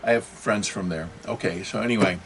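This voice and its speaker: A man's voice: fairly low pitch, fairly quick, vocal fry, fairly bright tone, soft background music. Rambling man asking rhetorical questions. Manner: many fillers and self-corrections. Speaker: video host. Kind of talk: unscripted political and religious monologue.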